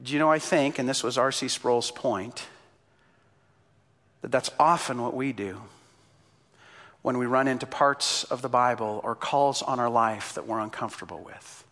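A male pastor delivering a passionate sermon, building up to loud exclamations and telling stories. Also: medium pitch, normal speed, long pauses, big-room sound. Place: church in Canada.

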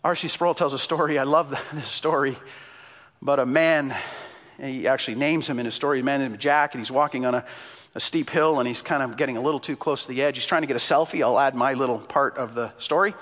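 A male pastor delivering a passionate sermon, building up to loud exclamations and telling stories. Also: medium pitch, fast, long reverb tail. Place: church in Canada.

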